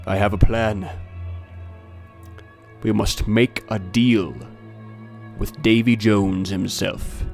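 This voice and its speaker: A man voicing a stern male pirate captain who gives gruff, clipped orders in a tabletop game. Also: on the low side, fairly even intonation, slow, long pauses, faint music behind.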